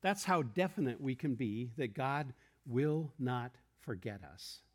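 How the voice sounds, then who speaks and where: A male preacher talks to a congregation in an earnest, explanatory way. He poses simple questions and answers them himself, and his voice sits at an ordinary middle pitch for a man. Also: expressive, measured pace. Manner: earnest, explanatory, with rhetorical questions and quoted verses. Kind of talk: sermon. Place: church room with a congregation.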